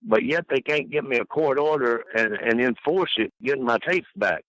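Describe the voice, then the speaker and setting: An older man, a podcast guest, telling long rambling stories full of fillers and mimicking the people he quotes in high voices. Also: moderate pace, a bit bright, low-quality recording. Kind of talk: storytelling interview.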